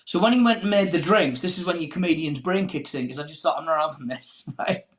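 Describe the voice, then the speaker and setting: A man's voice: a little high, quick pace, a little hiss or hum. A man, a comedian guest, telling a story in a panel chat and acting out the voices he quotes. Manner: animated anecdote teller, acts out quoted voices.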